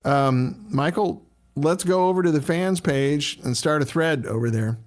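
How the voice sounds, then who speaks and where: A middle-aged man hosts a relaxed livestream, chatting loosely, greeting viewers by name and answering their questions. His voice sits on the high side and moves a little slowly.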